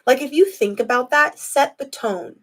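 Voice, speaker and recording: A woman's voice: high voice, moderate pace, breathy edge. Chatty woman hosting a live stream. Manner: chatty, reflective, addresses viewers directly. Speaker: host of a live video. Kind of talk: casual live-stream talk.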